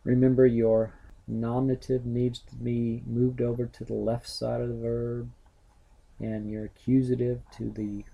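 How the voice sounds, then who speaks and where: A middle-aged man gives a methodical grammar lesson, parsing each word in turn. He talks very slowly, and his voice is deep-toned and dark with a gravelly edge. There is a husky grain to his tone. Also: little pitch movement, poor audio. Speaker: Greek teacher.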